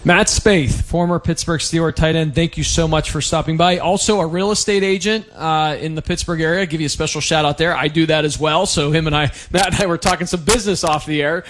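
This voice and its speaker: Male co-host, higher voice, friendly interviewer. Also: brisk, hardly any pauses, a bit bright, a little hiss or hum. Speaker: radio co-host. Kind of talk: interview chat.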